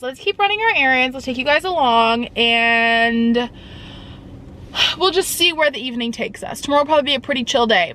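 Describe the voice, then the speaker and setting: Young woman, vlogger, animated and casual, bit of a potty mouth, phone-camera sound with faint road noise. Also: on the high side, low-quality recording. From Canada. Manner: chatty, animated, swears casually. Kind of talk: casual vlog chat. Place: in a car and out running errands.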